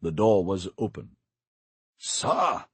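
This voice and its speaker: Husky, animated male audiobook narrator. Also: medium pitch, normal speed, no room sound. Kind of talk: scripted first-person narration.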